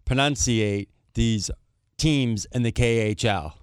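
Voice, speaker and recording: Boston guy cohosting a podcast, joking around, smooth voice, dry sound. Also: mid-range voice, slow, dry recording. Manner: laid-back, joking banter. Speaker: podcast co-host. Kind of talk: casual chat.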